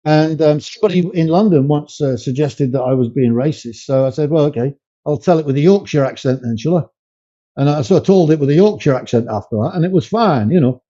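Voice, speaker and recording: A man's voice: fairly quick, dark tone. Emphatic older man on a call. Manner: emphatic, rising in pitch when making a point. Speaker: podcast guest. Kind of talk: conversational interview. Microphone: video call. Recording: muffled lo-fi remote call audio.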